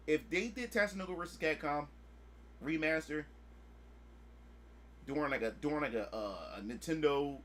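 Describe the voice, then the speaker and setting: A man streaming a casual chat, excitable and swearing freely, acting out his own past reactions. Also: a little high. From United States.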